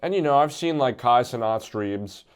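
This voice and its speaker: A man tells a funny story about himself in a loose, self-mocking way, often trailing off. His voice sits at an ordinary middle pitch, with nothing striking about its tone. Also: lively intonation, smooth. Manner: self-deprecating, wry, halting with fillers. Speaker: comedian. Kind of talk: casual comedic storytelling.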